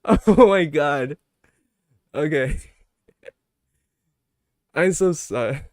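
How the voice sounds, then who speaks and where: A young male streamer talks casually to his chat, breaking into playful fake rants and quick laughing apologies. His voice sits a little high for a man. The sound is close and dry. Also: wildly swooping pitch, no echo. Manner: mock-angry outbursts then laughing apologies to chat.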